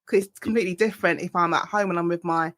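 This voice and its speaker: A woman with a South East London accent, hosting a podcast and telling stories in a relaxed, animated way. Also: lowish voice, fast, no echo. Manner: animated storytelling with laughter. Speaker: podcast host. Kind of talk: casual conversation.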